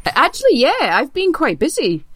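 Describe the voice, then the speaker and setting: A woman's voice: high-pitched, sing-song, normal speed, fairly bright tone, no echo, studio quality. A young woman co-hosting a film podcast, chatty, swearing casually and laughing easily. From Scotland. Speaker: podcast co-host.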